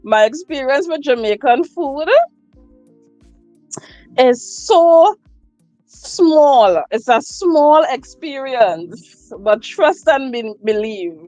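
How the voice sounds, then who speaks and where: Woman livestream host, slow, higher voice, casual, dry phone sound, faint music behind. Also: lively intonation, mellow, dry recording, highs cut off. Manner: slow, repetitive, laughs often. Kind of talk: casual live chat.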